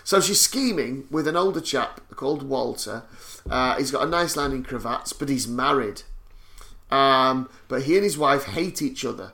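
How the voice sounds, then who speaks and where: A man's voice: mid-range voice, fairly bright tone. A man co-hosting a podcast, recapping a film in a wry, joking way. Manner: wry, joking, swears for comic effect. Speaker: podcast co-host. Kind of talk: casual chat recapping a film.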